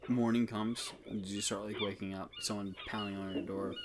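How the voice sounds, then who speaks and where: Fields: sex, man. Role: game master. Style: rambling second-person narration of a tabletop game. Pitch: low. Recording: noisy home setup. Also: level tone, moderate pace.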